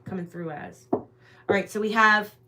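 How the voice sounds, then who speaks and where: A woman's voice: mid-range voice, fairly even intonation, moderate pace, bright, forceful tone, slight background noise. A woman hosting a live tarot reading stream, chatting casually and talking straight to her viewers. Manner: chatty, rambling, talks directly to viewers. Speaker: tarot reader, livestream host.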